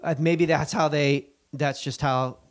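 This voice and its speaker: This podcast co-host has a slightly high voice and a measured pace, captured in a dry, studio-quality recording. Loose and foul-mouthed, he trades comedic banter full of jokey asides, running bits and silly voices, all delivered with lots of energy.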